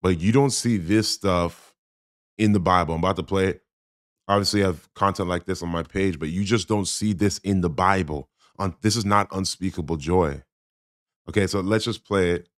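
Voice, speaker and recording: A man's voice: sits low, normal speed, no echo, studio quality. A man giving blunt, critical reaction commentary on a sermon clip, speaking emphatically. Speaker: Christian commentator.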